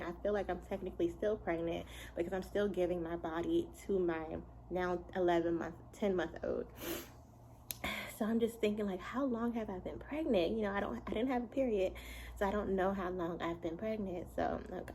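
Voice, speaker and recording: A young woman in a chatty home storytime, her voice sitting a little low for a woman. She tells the story in an animated way, laughing as she goes. A faint hiss sits behind her. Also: creaky, rough recording. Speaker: vlogger and mother. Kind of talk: casual storytime.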